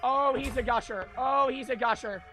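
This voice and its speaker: A young man streaming a surgery game, yelling and swearing in frantic outbursts. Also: very high voice, moderate pace, soft background music. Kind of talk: live gameplay commentary.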